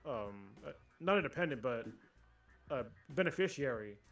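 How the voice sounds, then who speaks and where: A man co-hosting a casual livestream podcast, ranting and swearing freely in animated chat. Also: medium pitch, moderate pace, creaky, faint music behind. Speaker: podcast co-host.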